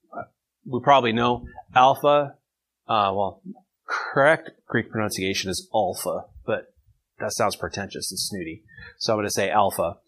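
A man's voice: medium pitch, a bit bright, poor audio. A man leading an informal Bible study, reading verses and taking questions from his group in a conversational way.

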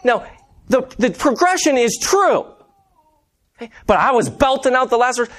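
A man's voice: very high-pitched, very animated, unhurried, a bit bright. Guy preaching, chatty and casual, keeps saying "guys", tells stories from math class. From Montana. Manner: conversational, anecdotal, addresses congregation as guys. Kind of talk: sermon.

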